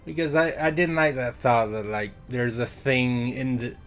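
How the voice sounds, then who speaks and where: A man's voice: mid-range voice, steady tone, moderate pace, a bit bright, soft background music. A man streaming a video game, talking casually in a rambling way that keeps breaking off and restarting, and sometimes reading the game's lines in playful accents. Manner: rambling, self-interrupting, trails off mid-thought; reads game dialogue aloud in playful put-on accents.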